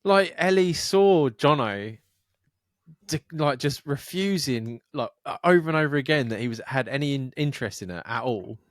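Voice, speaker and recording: A man's voice: medium pitch, animated, normal speed, dry recording, clean studio sound. A man co-hosting a podcast in casual chat, laughing often, swearing and giving blunt advice. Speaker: podcast co-host.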